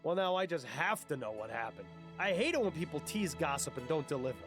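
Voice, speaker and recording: A sardonic character who delivers scornful quips. His voice is pitched somewhat high and very expressive. It is game voice acting. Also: brisk, over music. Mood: sarcastic. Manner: sarcastic and scornful. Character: sardonic, impatient man with a biting wit.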